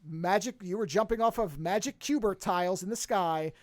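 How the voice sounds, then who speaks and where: A podcast co-host in casual chat, talking in an animated, rambling way with frequent restarts. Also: mid-range voice, moderate pace, no echo, studio quality.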